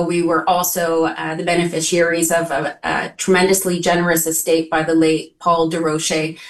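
A woman who runs a hospital foundation, answering interview questions in polished, measured phrases. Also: low voice, recorded from a distance, rough recording. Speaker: foundation chief executive. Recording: voice a little off-mic.

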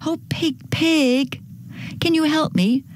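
A woman's voice: high-pitched, slow pace, no echo, pitched above the performer's own voice. Woman reading as a polite, determined little hen. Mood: pleading. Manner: pleading, polite, then firm. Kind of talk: storybook reading.

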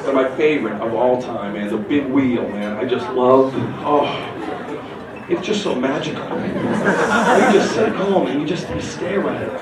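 A man doing a stand-up comedy set on a club stage, telling profane, animated stories with sudden shouts. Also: mid-range voice, unhurried, over a noisy crowd. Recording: roomy, distant, noisy live recording. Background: loud audience laughter.

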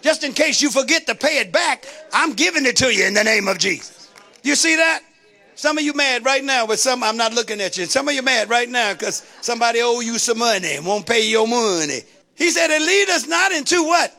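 A woman's voice: on the high side, animated, fairly quick, vocal fry, sharp tone. A woman preacher delivering a sermon in a rhythmic call-and-response style, building to rising exclamations.

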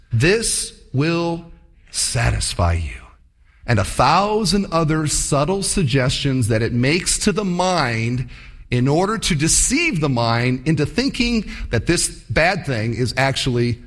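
A man preaching a sermon with animated storytelling, acting out voices as he tells a fishing story. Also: medium pitch. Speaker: pastor.

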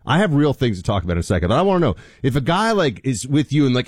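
A man's voice: sing-song, very fast, hardly any pauses, no room sound, clean studio sound. A man co-hosting a radio talk show, chatting casually and teasing his partner in a playful way. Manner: playful, teasing, jumps up in pitch. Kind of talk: casual on-air banter.

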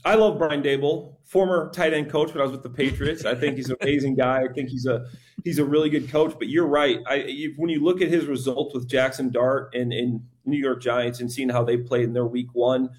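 A middle-aged former player giving casual football analysis, conversational and tripping over names now and then. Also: male voice, medium pitch, fairly even intonation, a little fast. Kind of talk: casual sports chat.

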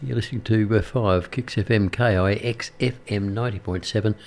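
An older man chats on air from a radio studio, his voice sitting fairly low. He rambles easily, filling pauses with ums and uhs and restarting his sentences as he goes. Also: steady tone. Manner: rambling, many fillers and restarts. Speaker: radio presenter. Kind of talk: casual radio chat.

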